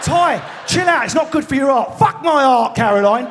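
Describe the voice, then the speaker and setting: A man's voice: extremely high pitch, animated, normal speed, fairly bright tone, raised voice, slight background noise. A man with an Essex and London accent doing live stand-up comedy in a large theatre, brash, sweary and baiting the crowd. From Enfield, England.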